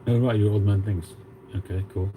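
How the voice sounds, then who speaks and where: A man's voice: on the low side, fairly even intonation, fairly quick, dark tone, slight background noise, poor audio. A man in his fifties with a Cockney accent, hosting a casual livestream and chatting with viewers as he reads out their comments. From England. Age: 50s. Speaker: livestream host.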